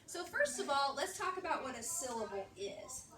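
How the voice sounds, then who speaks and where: A woman teaching young children a reading lesson in a classroom, upbeat and encouraging, speaking slowly and clearly. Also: high voice, very animated, crowd noise. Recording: echoey classroom, far-off mic, background noise.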